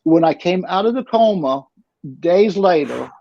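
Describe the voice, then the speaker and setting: A middle-aged man tells a long personal story as an interview guest. His voice is gravelly and sits fairly high, and he keeps restarting and repeating himself. The recording sounds dull and lo-fi. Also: expressive, measured pace, warm tone, no room sound. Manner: rambling, with frequent restarts and repeats. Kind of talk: casual storytelling.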